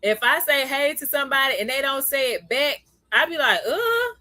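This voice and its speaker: Chatty bright-voiced woman livestream host. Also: high-pitched, fairly quick, no room sound. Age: adult, parent of a young child. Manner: chatty, laughs often, greets viewers by name. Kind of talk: casual livestream chat.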